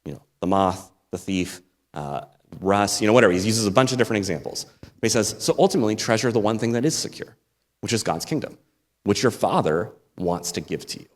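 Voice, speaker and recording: Low-voiced man preaching in a hall. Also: animated, a little fast. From United States. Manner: conversational, with asides and small laughs. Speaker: guest preacher. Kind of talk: sermon. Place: church sanctuary. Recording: long hall reverb.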